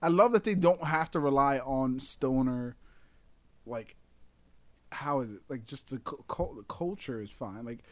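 A man's voice: mid-range voice, unhurried, dry recording. A man chatting casually, rambling and laughing often, acting out quotes as he tells a story. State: intoxicated. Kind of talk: casual chat.

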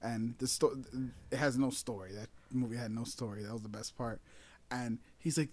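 A man's voice: mid-range voice, steady tone, moderate pace, a little mellow. A man chatting casually, rambling and laughing often, acting out quotes as he tells a story. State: intoxicated. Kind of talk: casual chat.

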